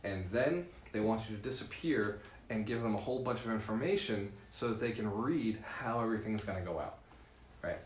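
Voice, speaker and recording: A man giving a live seminar as a real estate mentor, lively and laughing often, tagging points with "right?". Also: lowish voice, fairly quick, echoey room, slight background noise. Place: room with a live audience.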